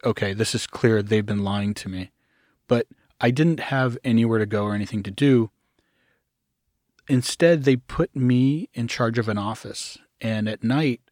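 Middle-aged man telling his story haltingly. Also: medium pitch, darkish tone, no echo, clean studio sound. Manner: halting, with restarts, acts out quoted voices. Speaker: guest. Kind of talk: personal story in an interview.

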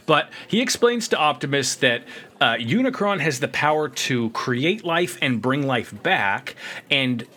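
A man's voice: medium pitch, lively intonation, measured pace, bright, forceful tone. A man co-hosting a podcast, recapping a cartoon episode in casual chat, joking, laughing often and acting out quotes. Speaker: podcast co-host.

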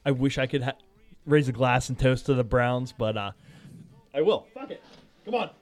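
A man's voice: mid-range voice, animated, normal speed, no echo. A man co-hosting a fishing podcast, chatting in an easygoing, joking way. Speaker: podcast co-host. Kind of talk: casual chat.

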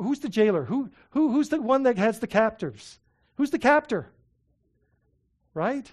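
Pastor guy preaching, lots of "right?", repeats words, gets loud then goes soft. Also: extremely high pitch, unhurried, long pauses. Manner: animated, repeats himself, asks the congregation rhetorical questions; shifts between loud emphasis and soft heartfelt asides. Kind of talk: sermon.

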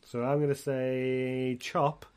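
A man's voice: medium pitch, little pitch movement, slow, a little mellow, smooth. A man hosting a podcast in casual chat, rambling, swearing and laughing often. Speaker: podcast host.

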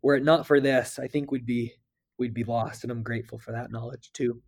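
A man speaking as a guest, earnestly and emotionally, with halting restarts as he reflects on scripture and tells a personal story. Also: mid-range voice, fairly even intonation, a little mellow. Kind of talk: heartfelt scripture discussion.

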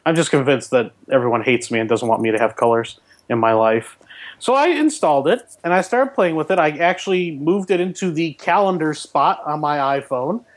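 A man co-hosting a casual tech podcast, a professor who talks in an animated, wry, self-mocking way. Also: fairly high pitch, fairly quick.

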